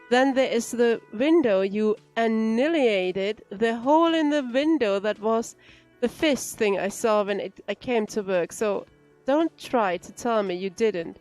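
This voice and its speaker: A woman's voice: fairly high pitch, a little slow, a little mellow, soft background music, lightly acted. A woman voicing a defensive, irritable male cafeteria manager, reading game dialogue aloud in an exasperated, lecturing way.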